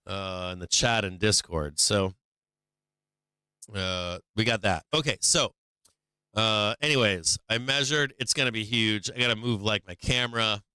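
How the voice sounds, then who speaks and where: Here a middle-aged stock market livestream host speaks in a lowish, pushed, bright voice that stays smooth, without any room sound. He rambles in a casual, profane way, dropping "like" constantly.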